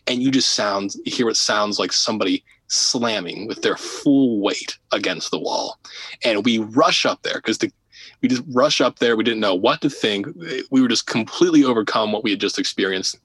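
A man guest on a podcast telling a story in casual, animated talk, often laughing, repeating words and dropping to a hush at tense moments. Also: lowish voice, moderate pace, breathy edge, dry recording, low-quality recording. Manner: drops to a hushed voice for tense moments. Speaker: podcast guest, paranormal investigator.

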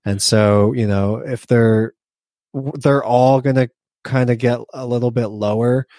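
A podcast co-host chats casually about investing, restarting often and using plenty of fillers. His voice is medium-pitched, steady and dark, his pace is unhurried, and there's no echo.

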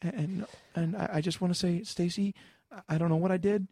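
A man's voice: sits high, steady tone, creaky, dark tone, slightly rough, no room sound, clean studio sound, voice pushed up, heavily acted. A man playing a stammering nervous caller. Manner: stuttering, halting, many repeats. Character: stammering nervous male caller, distraught husband. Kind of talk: improvised comedy role-play.

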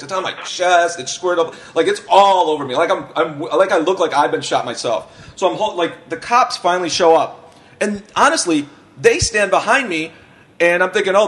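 A man's voice: a little high, a bit bright. Rambling, laughing man telling a story. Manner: profane, rambling, laughs through his own story. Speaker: podcast guest. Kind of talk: casual storytelling.

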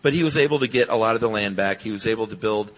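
A man co-hosting a podcast live on stage, telling history in a relaxed way and chuckling often. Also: lowish voice, rapid-fire. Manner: laid-back storytelling, chuckling often. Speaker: podcast co-host. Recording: long reverb from a live stage hall.

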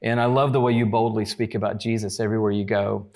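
A man's voice: lowish voice, flat delivery, fast talker, darkish tone. Affirming male talk-show host. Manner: affirming, interjects short agreements. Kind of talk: faith talk show interview.

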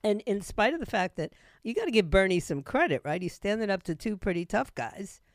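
A woman hosting a talk radio show with a scratchy throat, retelling news in an animated way with laughing asides. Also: medium pitch, brisk, no echo, clean studio sound.

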